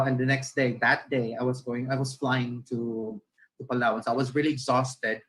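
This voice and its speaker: A man's voice: medium pitch, fairly bright tone, poor audio. A Filipino man with a Filipino accent, giving a chatty, conversational talk to teachers and slipping Filipino words into his English. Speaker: teacher trainer.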